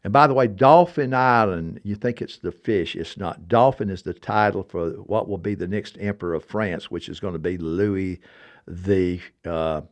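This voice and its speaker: An older man in his seventies, hosting a podcast and telling stories in casual chat, animated, digressive and emphatic. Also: low-pitched, moderate pace. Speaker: podcast host.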